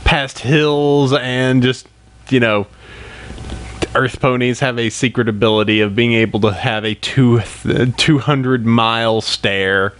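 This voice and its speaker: A man's voice: mid-range voice, fairly even intonation, takes it slowly, fairly bright tone, smooth. A man hosting a podcast, chatting in a playful way and laughing often. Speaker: podcast host. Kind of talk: casual podcast chat.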